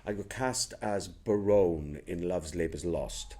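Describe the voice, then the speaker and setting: A man's voice: low voice, takes it slowly, dark tone. A middle-aged man with a Welsh accent, an actor telling stories in a casual interview, rambling with many restarts. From Wales.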